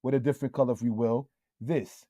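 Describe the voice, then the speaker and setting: A man teaching Hebrew in a slow, deliberate lesson style, often checking in with "all right?" and calling his viewers family. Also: medium pitch, steady tone, mellow, dry recording, studio quality. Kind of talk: slow screen-share language lesson.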